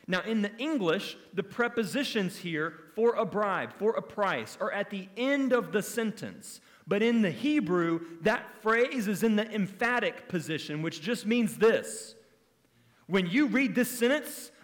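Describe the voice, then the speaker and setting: A man's voice: high voice, fairly bright tone, big-room sound. A man preaching an expository sermon in an earnest, emphatic teaching manner, asking his listeners rhetorical questions. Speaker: pastor.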